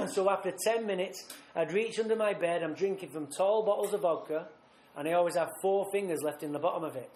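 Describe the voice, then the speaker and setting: A man speaking at a recovery retreat, telling his own story bluntly and vividly, acting out scenes with rough language. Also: sits high, fairly quick, darkish tone, a little hiss or hum. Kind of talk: personal recovery story told live. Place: retreat meeting room. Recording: roomy live talk recording.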